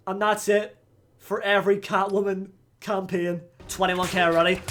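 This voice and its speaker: A young man hosting a gaming channel, giving let's play commentary; excitable, he yells at the game and swears. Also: high-pitched, moderate pace, a little hiss or hum.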